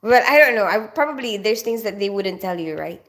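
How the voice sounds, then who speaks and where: Brisk and expressive, with a medium-pitched, fairly bright voice, a Philippines-raised woman chats on a live stream at home in North London. She laughs readily, reading comments aloud and calling out viewers by name.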